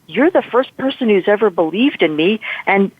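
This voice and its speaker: A man's voice: sits high, lively intonation, moderate pace, background noise, voice pushed up. A woman quoting a troubled fifteen-year-old boy in an earnest, plaintive voice. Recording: tinny phone line.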